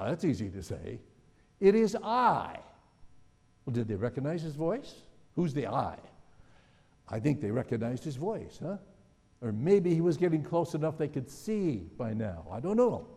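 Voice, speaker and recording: A man preaching a sermon in a relaxed, conversational way, musing aloud and putting questions to his listeners. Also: medium pitch, creaky, husky. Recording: long hall reverb.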